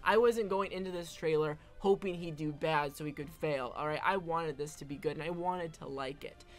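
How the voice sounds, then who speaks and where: A woman's voice: low-pitched, moderate pace, soft background music. A woman giving casual opinion commentary as an online film commentator, emphatic and often tagging her points with "all right?".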